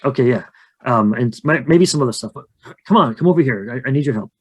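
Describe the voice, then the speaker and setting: A man's voice: mid-range voice, expressive, fast, slightly rough, highs cut off. A man voicing a shy, huge, hairy male skunk ape who lives in a swamp cave, talking in a flustered, rambling, hesitant way. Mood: awkward.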